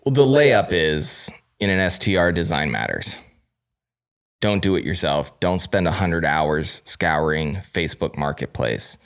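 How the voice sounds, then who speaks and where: A man with a very low voice talks as a guest on a casual podcast. He is candid and self-deprecating, and his speech is loose and full of fillers. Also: lively intonation, a little slow. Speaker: guest, staging company owner.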